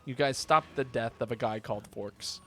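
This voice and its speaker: While playing a game on stream, a man chats easily with his viewers, cracking jokes and reading their messages aloud. He speaks at a normal speed with a medium pitch.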